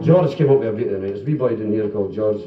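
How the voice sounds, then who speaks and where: A man's voice: fairly low pitch, racing. A Scottish man telling jokes and singing comic songs in live club comedy, with playful banter. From Scotland. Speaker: stand-up comic and singer. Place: police social club function room. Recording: dull roomy 1970s live club recording from a distance. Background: band music and laughing audience.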